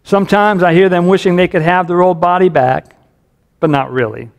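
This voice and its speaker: A man's voice: high-pitched, moderate pace, gravelly. A man preaching a sermon as a pastor, earnest and caring, his voice rising when he reads scripture aloud.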